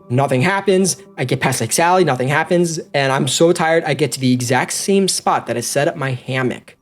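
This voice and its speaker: A man telling a story as a podcast guest, animated and excitable, talking straight to the listeners. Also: on the high side. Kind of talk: casual storytelling.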